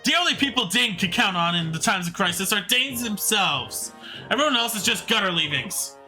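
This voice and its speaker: A man's voice: high voice, lively intonation, normal speed, sharp tone, soft background music, full character voice. A man playing a sneering cruel woman general. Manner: sneering, mocking, contemptuous.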